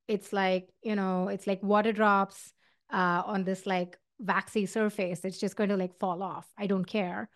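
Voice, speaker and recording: Speaking unhurriedly in a level, medium-pitched voice, a middle-aged podcast host with an Indian accent gives career advice on her own. The studio-quality recording has no room sound, and her earnest, conversational delivery includes fillers and restarts.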